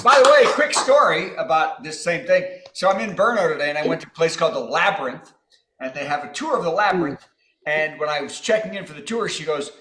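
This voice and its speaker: Lively high-voiced male comedy host. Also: fairly quick. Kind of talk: casual chat. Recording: echoey room.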